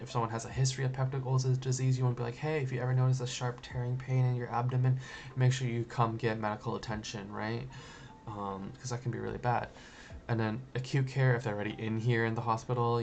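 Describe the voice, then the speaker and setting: A man's voice: fairly low pitch, a little hiss or hum. A man teaching a nursing exam review in a loose, conversational way, full of "like" and "you know". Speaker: nursing educator. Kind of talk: casual exam review lecture.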